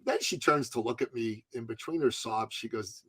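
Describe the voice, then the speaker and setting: A middle-aged man, a podcast guest, tells a story with drama and laughter in an animated way. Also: medium pitch, moderate pace, breathy edge.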